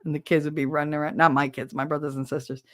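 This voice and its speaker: A middle-aged woman hosting a livestream chats casually and reads out viewer comments, laughing as she tells stories and acts out quotes. Her voice sits low with a flat delivery and she talks very fast, recorded in studio quality with no echo.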